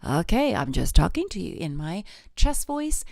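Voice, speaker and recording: Lively-voiced female singing teacher. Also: on the low side, normal speed, creaky, no echo, studio quality. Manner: demonstrates vocal exercises, sings and slides between notes; encouraging, addresses viewers directly. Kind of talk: live online singing lesson.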